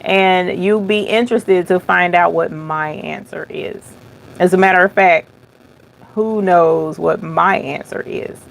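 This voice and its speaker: A middle-aged woman with a gravelly, fry-edged voice that sits a little low. She hosts a live Q&A, reading comments off and chatting in a folksy, easygoing way, thinking out loud between answers. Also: unhurried. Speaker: embroidery channel host.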